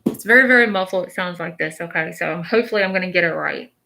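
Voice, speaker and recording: Woman doing a live psychic reading, lowish but bright voice, chatty, keeps asking okay?. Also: quick pace, vocal fry. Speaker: spiritual medium.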